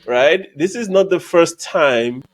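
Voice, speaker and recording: A man's voice: on the high side, expressive, slow. Chatty male sports podcast co-host. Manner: chatty, many ums, laughs easily. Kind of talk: casual sports chat.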